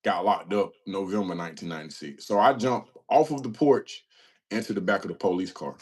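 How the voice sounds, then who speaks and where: Here the livestream host's voice is low-pitched, darkish and slightly rough, with a brisk pace. Reading comments in casual chat, he spins self-mocking, slangy stories and frequently laughs.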